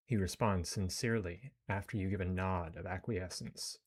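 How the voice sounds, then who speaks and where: Deep-voiced guy doing a let's play, reads out the story text, chats along casually. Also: moderate pace. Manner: relaxed, chatty asides to viewers. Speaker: gameplay narrator. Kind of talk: let's play narration reading game text.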